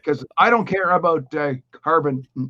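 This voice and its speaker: A man's voice: fairly high pitch, fairly quick, dry recording. A man in casual chat, blunt and swearing freely, on dull lo-fi audio. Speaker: podcast participant.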